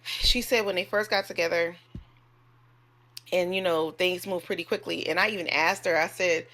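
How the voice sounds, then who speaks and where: A woman's voice: fairly low pitch, fairly even intonation, normal speed, fairly bright tone. A woman who works as a nurse, telling a story to her camera in a candid, chatty way and cursing freely. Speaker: nurse and vlogger.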